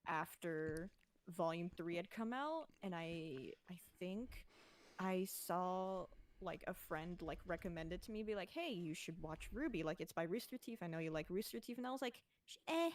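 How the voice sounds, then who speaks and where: A young woman talks casually with friends on a livestream. Her voice sits a little low, and she rambles along, piling up filler words as she goes. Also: moderate pace. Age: young adult. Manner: chatty, lots of filler words. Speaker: livestream co-host. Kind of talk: casual chat.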